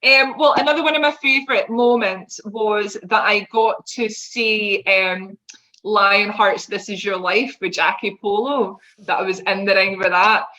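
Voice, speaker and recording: An enthusiastic, giggly woman chats as a podcast guest. Her voice is bright and sharp, with a middle pitch for a woman. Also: steady tone, unhurried, rough recording. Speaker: guest, presenter and performer. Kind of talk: casual chat.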